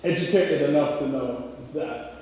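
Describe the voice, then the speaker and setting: A man's voice: on the high side, measured pace, darkish tone, slight background noise. A man with a Jamaican accent preaching an impassioned sermon as a pastor, building his points with repeated rhetorical questions. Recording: echoey hall, mic from far off.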